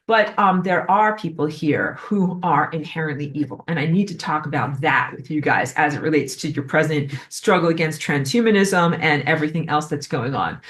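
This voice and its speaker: Low-voiced woman teaching, mic at a distance. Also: normal speed, hardly any pauses. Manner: digressive, full of fillers and acted-out asides. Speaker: spiritual teacher. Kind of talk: rambling spiritual lecture.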